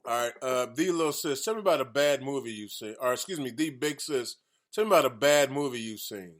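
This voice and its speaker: A man's voice: mid-range voice, lively intonation, a little fast. A man hosting a casual radio talk show, boisterous and joking, repeating his phrases as he introduces guests.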